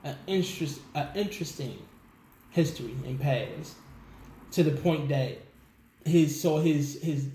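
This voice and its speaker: A man telling stories as a guest in a casual interview, animated, laughing often and acting out what people said. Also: a little high, a little slow, long pauses. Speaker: musician guest. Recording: echoey room with faint background noise.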